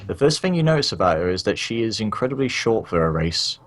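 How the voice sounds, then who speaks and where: A man with a fairly low voice narrates a tabletop game as game master. He describes each scene to the players in a loose, rambling second-person style, breaking off to fiddle with the map. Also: big pitch swings, fast talker.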